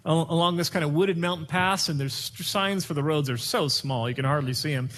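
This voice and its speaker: A man giving a teaching talk on communication skills, an animated storyteller who acts out dialogue. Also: a little high, brisk. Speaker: speaker teaching communication skills to youth workers.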